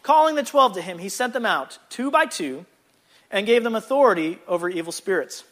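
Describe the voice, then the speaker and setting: A man teaching a casual Bible lesson in a chatty, animated way, with jokey asides. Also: high-pitched, brisk.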